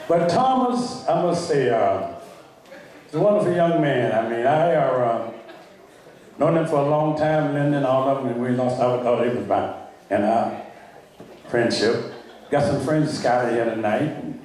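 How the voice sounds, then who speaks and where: An older man giving a joking, rambling wedding toast, halting and telling tall tales with a laugh. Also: mid-range voice, a little mellow. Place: wedding reception hall. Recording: very echoey hall, speaker far from mic.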